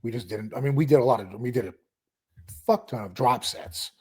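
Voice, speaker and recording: A man with a husky, slightly raspy voice talks casually on a podcast. He coaches clients and keeps the conversation moving with follow-up questions. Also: medium pitch, brisk, darkish tone. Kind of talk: casual chat.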